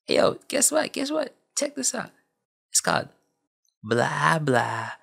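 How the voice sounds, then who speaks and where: A man's voice: on the high side, huge pitch swings, vocal fry, fairly bright tone, breathy edge, voice pushed up, exaggerated voice. A man voicing a boastful young male island hacker who talks in brash, streetwise slang. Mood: bragging. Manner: bragging, streetwise slang, rapid repeats.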